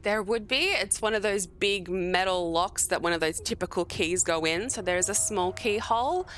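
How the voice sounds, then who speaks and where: A woman running a tabletop game as game master, narrating scenes in an unhurried, descriptive way with filler pauses. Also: medium pitch, fairly bright tone, a little hiss or hum.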